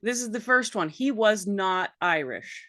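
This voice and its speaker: Woman, guest, upbeat, reading facts, bright voice, dry sound. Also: medium pitch, expressive, measured pace, no room sound. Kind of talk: casual chat.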